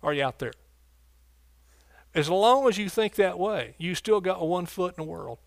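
A man's voice: sits high, animated, moderate pace, creaky, no room sound. A man pastor preaching a sermon, often calling out questions to the congregation. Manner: preacherly call-and-response, asks congregation questions.

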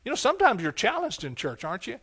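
Male pastor, high voice, emphatic preaching with call-and-response. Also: wildly swooping pitch, fast talker, a bit bright, husky. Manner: repetitive, emphatic phrasing. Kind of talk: sermon.

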